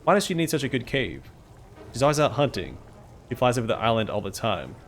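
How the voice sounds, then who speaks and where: A man's voice: medium pitch, very animated, fast, a little hiss or hum. A man voicing a petulant female fecal demon queen who whines and boasts like a spoiled princess. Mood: petulant whining. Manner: whining, smug, self-pitying.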